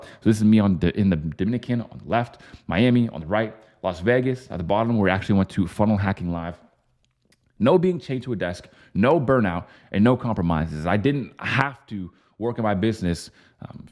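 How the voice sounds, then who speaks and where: Young guy business coach pitching his system, kinda low voice, salesy and sure of himself. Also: a little mellow. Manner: fast, salesy, confident with fillers like um and uh. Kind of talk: scripted-style pitch to camera.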